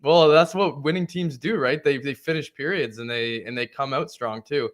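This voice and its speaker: A man's voice: medium pitch, moderate pace. A man co-hosting a sports podcast, chatting in a laid-back, rambling way full of fillers. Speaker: podcast co-host. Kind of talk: casual sports podcast chat.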